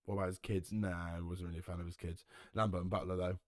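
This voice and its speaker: Low-voiced jokey young man. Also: little pitch movement, quick pace, dry recording, studio quality. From Herefordshire, England. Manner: casual, jokey, swears, laughs often. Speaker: podcast host. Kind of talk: solo podcast chat. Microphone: home recording setup.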